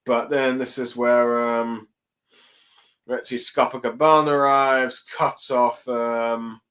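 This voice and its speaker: A young man casually recapping a comic chapter on his own, halting often with ums and let's sees. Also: medium pitch, level tone, a bit bright, low-quality recording. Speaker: chapter reviewer. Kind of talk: casual solo commentary.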